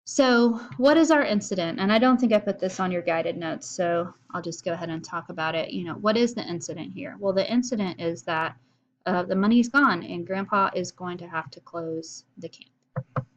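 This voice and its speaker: A woman's voice: lowish voice, moderate pace, slight background noise. A woman teacher recording a video lesson, explaining in a casual way with frequent fillers.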